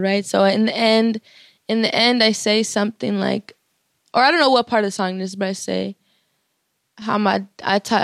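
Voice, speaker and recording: A woman's voice: mid-range voice, gravelly, no echo, studio quality. A young woman musician in an interview, talking openly with many fillers and restarts and laughing often. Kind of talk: candid interview talk.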